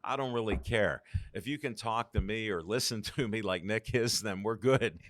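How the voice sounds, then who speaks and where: An older man rambles through anecdotes in a fairly low voice, slipping into the voices of the people he quotes. His laugh breaks in often. The sound is dry and close, with no room around it. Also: moderate pace, no echo. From Pittsburgh. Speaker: guest. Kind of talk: casual storytelling interview.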